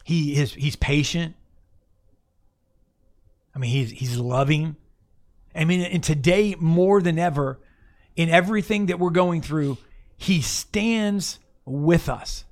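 A man's voice: fairly high pitch, takes it slowly, long pauses. A man preaching an off-the-cuff sermon, talking to listeners casually and asking them to look up verses. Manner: conversational, restarts, asks listeners to look up verses. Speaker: pastor.

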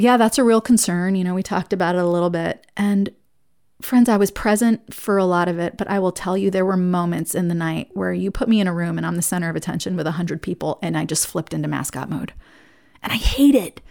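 A woman hosting a solo podcast, talking in a reflective way that swings between playful and hushed. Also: lowish voice, a little fast, creaky. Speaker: podcast host.

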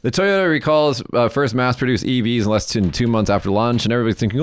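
Casual American man with a lowish voice. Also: quick pace, few pauses, clean tone. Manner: loose, rambling, swears casually. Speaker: podcast host. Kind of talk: casual news chat.

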